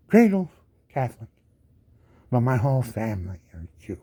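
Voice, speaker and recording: A man's voice: medium pitch, sing-song, normal speed, long pauses, mellow, husky. A disabled veteran in his seventies, a man giving an indignant ranting monologue full of rhetorical questions and repeated words. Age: 70s. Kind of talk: angry monologue to camera.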